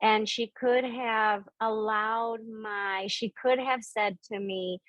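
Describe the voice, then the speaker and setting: A woman's voice: fairly even intonation, slow, hardly any pauses, fairly bright tone, dry recording, rough recording. A middle-aged woman on a video call, telling personal stories as she teaches about spirit and intuition, and acting out the voices of the people in them. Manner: storytelling, acts out quoted voices with big pitch jumps.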